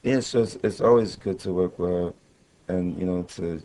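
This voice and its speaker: A man in his thirties, a guest on a radio interview, talking in a reflective, halting way with many fillers. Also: sits low, warm tone, poor audio. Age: 30s. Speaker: guest musician. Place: radio studio.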